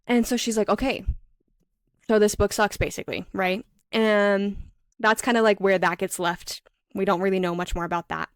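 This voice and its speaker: A woman co-hosting a book podcast, retelling scenes in a casual, filler-heavy way with quick quoted voices. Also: mid-range voice, steady tone, clear, resonant tone, dry recording, studio quality. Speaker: podcast co-host. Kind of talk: casual book recap chat.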